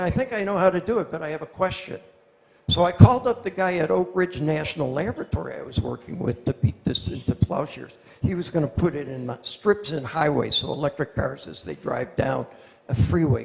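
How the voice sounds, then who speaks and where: Gravelly man in a reverberant hall. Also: fairly high pitch. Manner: animated storyteller, acts out quoted voices. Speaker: speaker answering audience questions. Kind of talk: lecture Q&A, anecdotal storytelling. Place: lecture hall. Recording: long reverb of a lecture hall.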